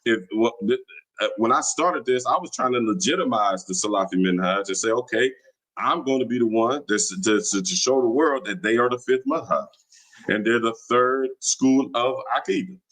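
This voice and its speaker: A man's voice: mid-range voice, moderate pace, a bit bright, low-quality recording. A man hosting a livestream, talking in a combative, taunting, slangy way. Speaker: livestream host. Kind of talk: casual livestream talk. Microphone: streaming mic.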